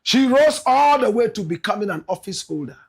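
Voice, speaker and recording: Emphatic, high-pitched Ghanaian man. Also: sing-song, brisk, creaky, husky. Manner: emphatic, repeats "my brother, my sister", bursts into shouts. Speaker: commentator. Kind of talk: animated political commentary.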